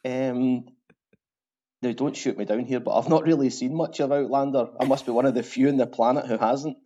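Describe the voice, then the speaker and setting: A man's voice: medium pitch, fairly even intonation, a little fast, dark tone, breathy edge. A man with a strong Glaswegian Scottish accent, a truck driver chatting as an interview guest, with lots of fillers and restarts. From Scotland. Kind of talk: casual interview chat. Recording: dull lo-fi sound.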